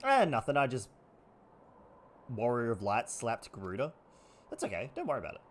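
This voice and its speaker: An energetic Australian man chatting and joking while streaming a game. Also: medium pitch, normal speed, a little hiss or hum. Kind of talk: casual gaming livestream chat.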